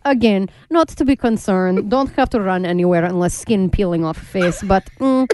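A woman voicing a flustered TV newscaster with a fake Russian accent, in halting broken English. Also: mid-range voice, a little mellow, slight background noise, natural voice.

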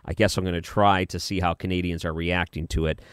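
A man's voice: deep voice, flat delivery, a little fast, clean tone, dry recording, studio quality. A man hosting a late-night call-in radio show, easygoing and agreeable, often chuckling. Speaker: radio talk show host. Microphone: studio microphone.

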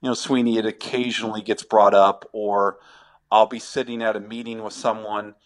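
A middle-aged former ballplayer, now a sports agent, answering podcast questions in a halting, reflective way with many restarts. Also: male voice, fairly low pitch, flat delivery.

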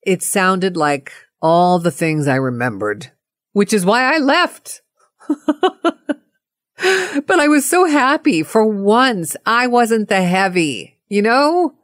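A middle-aged woman telling a personal anecdote in a playful, animated way. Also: mid-range voice, takes it slowly, no room sound, studio quality. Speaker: storyteller.

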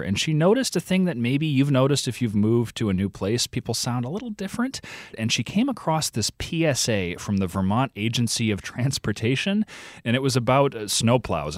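A man from the Chicago area, a podcast co-host explaining his story to a radio host in a lively, conversational way. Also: lowish voice, no echo, studio quality.

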